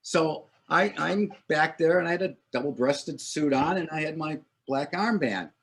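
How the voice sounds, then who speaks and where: Husky man telling lively stories. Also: a little high, moderate pace. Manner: animated anecdote teller, acts out quotes. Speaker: longtime corps director. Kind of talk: casual storytelling.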